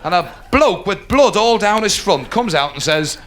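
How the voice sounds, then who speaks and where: A man doing a live stand-up comedy routine, telling stories animatedly and dropping into quick put-on voices. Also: high voice, expressive, heavy background noise. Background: audience laughter.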